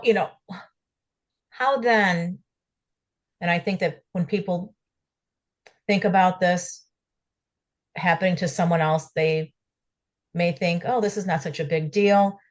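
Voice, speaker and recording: A podcast host with a fairly low woman's voice. She asks her guest questions gently and carefully, taking time to reassure them and reflect back what they said. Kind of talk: podcast interview.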